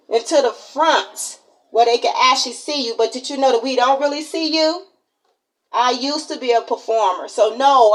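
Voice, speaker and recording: A woman in her forties with a Chicago accent, telling stories straight to her viewers. Her voice sits fairly high, and she talks in a casual, chatty way. She often says the same thing twice. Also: low-quality recording. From Chicago, Illinois, USA. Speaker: vlogger. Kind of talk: casual personal storytelling to camera.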